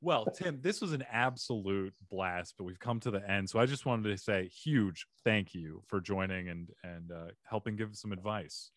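With a lowish voice, a steady moderate pace, and hardly any pauses, a man hosts a comedy advice podcast in clean studio sound with no room echo. He hands out advice casually and wraps up with upbeat, animated sign-off patter.

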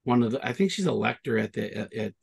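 Gravelly, husky middle-aged man. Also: medium pitch, animated, quick pace. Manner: rambling storyteller, restarts often. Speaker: podcast co-host. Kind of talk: casual chat.

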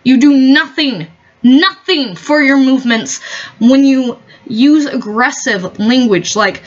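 Woman ranting, high voice, lo-fi sound. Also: slow. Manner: profane, heated, rambling. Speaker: vlogger. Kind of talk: rambling opinion rant.

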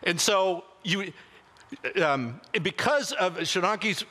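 Bright-voiced preacher in a reverberant church. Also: male voice, high-pitched, slow pace. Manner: animated anecdotal retelling with frequent restarts. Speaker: pastor. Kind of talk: sermon storytelling. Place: church sanctuary. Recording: long reverb of a church hall.

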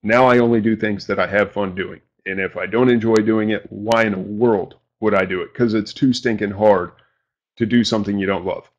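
Casual male host talking to a live chat from his home desk, low voice, dull computer-mic sound. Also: fairly even intonation, brisk. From New England. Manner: rambling and informal, with mild slang and self-deprecating asides. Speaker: live-stream show host. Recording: dull lo-fi stream audio.

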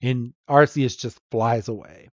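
Man, podcast co-host, slow talker, casual recap, laughs a lot, dry lo-fi sound. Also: medium pitch, steady tone, no echo. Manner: laughs often, mimics characters in quick quotes.

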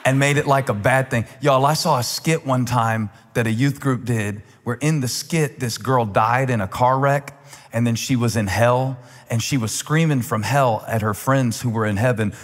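A man's voice: medium pitch, normal speed. Man preaching in a reverberant hall. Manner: conversational, wry asides building to emphatic, rising preaching. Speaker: pastor. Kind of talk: sermon. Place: large church auditorium. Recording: long reverb of a large church hall.

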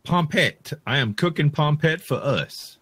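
A man hosts a let's play over a headset mic, chatting and joking with a co-player as he plays. His tone is bright and his pitch swings widely. He laughs easily and keeps the banter going. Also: animated, unhurried, husky, dry recording. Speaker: gaming channel host. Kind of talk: casual let's play commentary.

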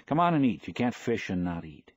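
A man's voice: on the low side, sing-song, a little fast, slightly rough, no room sound, dull audio, voice pushed up. A man voicing a devoted young boy in a book reading, speaking eagerly and earnestly.

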